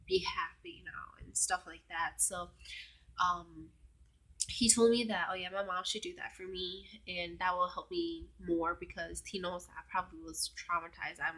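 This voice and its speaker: Young woman vlogging, slightly low voice, lots of "like", goes quiet and whispery sometimes. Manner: chatty, full of "like" fillers, drops to a whisper at times. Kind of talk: casual storytelling vlog.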